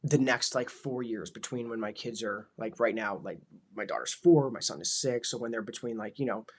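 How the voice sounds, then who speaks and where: A man's voice: on the low side, moderate pace. A man in his thirties, a father, talking in a casual, rambling way and filling his sentences with "like" and "you know". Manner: rambling, many filler words. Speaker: vlogger, father. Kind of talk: casual reflective talk.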